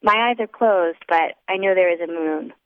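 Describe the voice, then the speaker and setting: A woman narrating a first-person audiobook in a wry, measured way. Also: on the low side, clean tone, no room sound. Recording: dry, tinny phone-like sound.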